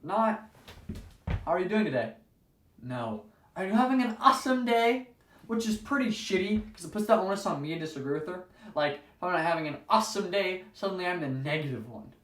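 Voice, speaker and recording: A man performing a stage monologue as a weary, sardonic man who tells an awkward story and imitates the people in it. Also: high voice. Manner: dry, sardonic storytelling with mimicked voices. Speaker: theatre student performing a monologue. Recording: roomy echo, mic far off.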